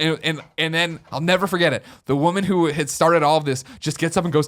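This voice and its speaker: An American man telling a story on a casual podcast, acting out the quoted lines with sudden loud outbursts. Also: fairly high pitch, quick pace, hardly any pauses. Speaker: podcast host.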